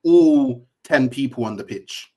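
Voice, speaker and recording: A man's voice: mid-range voice, measured pace, a little mellow, breathy edge. A man giving casual football analysis as a panelist, hesitant with restarts.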